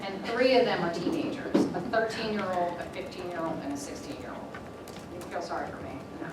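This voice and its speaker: A woman's voice: lowish voice, animated, brisk. Middle-aged woman teaching in an echoey room. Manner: chatty, self-deprecating anecdotes. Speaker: workshop facilitator. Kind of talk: classroom instruction. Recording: echoey room from far off, noisy.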